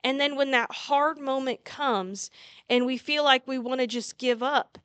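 A woman's voice: high-pitched, unhurried, fairly bright tone, clean tone, dry recording. A woman giving a casual sermon, retelling a story earnestly with frequent restarts. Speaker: preacher.

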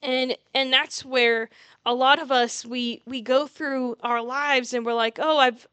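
A woman's voice: sits high, steady tone, unhurried, a bit bright, smooth, dry recording. A woman giving a casual sermon, retelling a story earnestly with frequent restarts. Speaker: preacher.

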